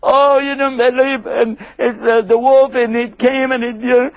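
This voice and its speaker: A man voicing a group of whiny, scheming young brothers who plead in high, stammering voices. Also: level tone, measured pace, muffled recording. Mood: fake grief.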